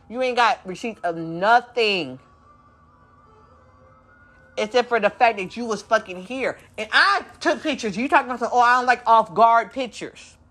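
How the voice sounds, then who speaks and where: A woman's voice: a little high, bright, forceful tone. Profane, confrontational woman podcaster. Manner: mocks others in quoted voices. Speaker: podcast host. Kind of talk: angry unscripted monologue.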